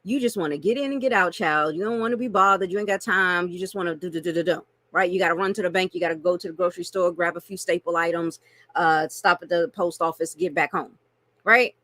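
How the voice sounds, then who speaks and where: A woman coaching on marketing in an animated, playful way, laughing often and addressing listeners as y'all. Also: lowish voice, fast, no echo. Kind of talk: teaching a marketing lesson with acted-out examples.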